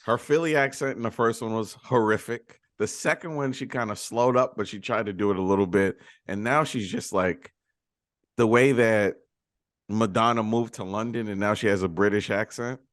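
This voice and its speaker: A man's voice: on the low side, normal speed, fairly bright tone, dry recording, studio quality. A man co-hosting a movie review podcast, chatty and opinionated in casual conversation. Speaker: podcast co-host.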